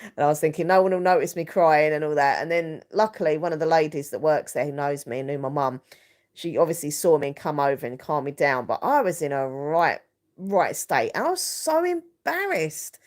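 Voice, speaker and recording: A woman with a slightly low voice hosts a live stream. She rambles and confides with emotion, her sentences full of fillers and restarts. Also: fairly quick, darkish tone.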